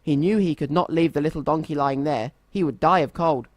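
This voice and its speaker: Guy reading kids story, gentle and expressive, slightly high voice, dry. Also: fairly quick, no echo.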